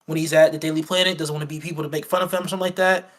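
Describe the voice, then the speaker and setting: A man's voice: on the high side, little pitch movement, rapid-fire, a bit bright. A man co-hosting a casual film review chat, rambling and acting out quoted lines with many fillers and restarts. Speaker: podcast co-host.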